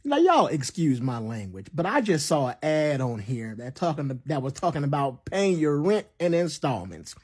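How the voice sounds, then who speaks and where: Fed up vlogger venting loud and jokey, voice jumps up and down a lot. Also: medium pitch, big pitch swings, moderate pace, hardly any pauses, husky. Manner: exasperated, emphatic, joking. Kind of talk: casual rant vlog.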